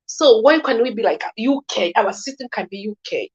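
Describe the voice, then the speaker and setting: Kenyan woman guest airing political views, halting and repetitive, higher voice, muffled low-fi line. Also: lively intonation. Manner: halting, with frequent restarts and repeated words. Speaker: guest commentator. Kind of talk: casual political opinion talk. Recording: slightly dull lo-fi recording.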